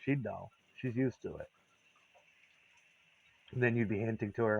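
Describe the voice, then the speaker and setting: A man's voice: on the low side, measured pace, gravelly, husky, lo-fi sound. A man telling a candid, rambling personal story, profane and confessional.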